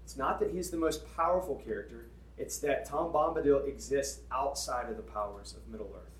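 A man voicing an elderly male author who explains in a quiet, measured, low tone. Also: a little hiss or hum, lightly acted. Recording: echoey room, distant mic.

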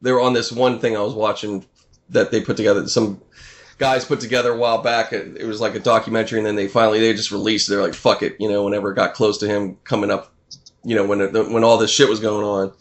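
A man in casual podcast chat, rambling and halting, often trailing off mid-thought. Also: lowish voice, level tone.

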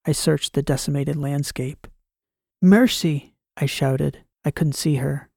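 Gravelly man narrating a sci-fi audiobook. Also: on the high side, flat delivery, dark tone, no room sound, clean studio sound. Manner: measured, dramatic reading. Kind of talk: scripted first-person narration.

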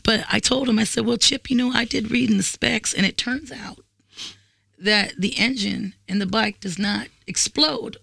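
A woman's voice: on the high side, normal speed, gravelly, pushed and bright, breathy edge, no echo. A woman telling a story in casual chat, blunt, sarcastic and profane. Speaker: podcast guest.

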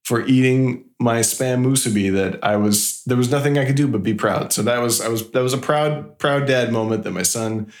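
A man talks casually on a podcast, drifting through a long story and laughing along the way. He sits at an ordinary middle pitch. The room rings with noticeable echo. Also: moderate pace, few pauses. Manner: rambling storyteller, laughs often. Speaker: podcast co-host. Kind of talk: casual chat. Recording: roomy echo.

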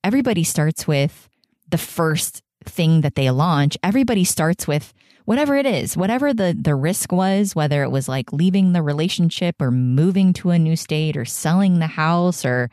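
Woman podcaster rambling on solo, really low voice, dark and smooth, dry close mic. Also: expressive, moderate pace, dry recording. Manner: chatty and rambling, laughs often. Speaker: podcast host.

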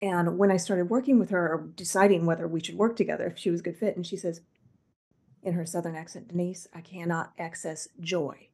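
A woman's voice: on the low side, fast, a little mellow, slightly rough. A woman hosting an interview, asking curious questions and adding emphatic comments. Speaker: podcast host. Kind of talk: interview conversation.

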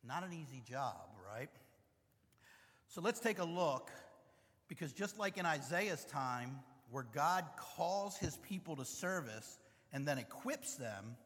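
A man's voice: on the high side, expressive, slow, a bit bright. A pastor preaching a sermon to his congregation, mixing light joking asides with earnest teaching. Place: church sanctuary. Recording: long reverb in a church hall.

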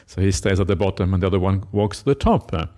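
A monk giving a Buddhist dharma talk, retelling a scripture story with many "uh" fillers and acted-out quotes. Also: male voice, low-pitched, fast talker, warm tone.

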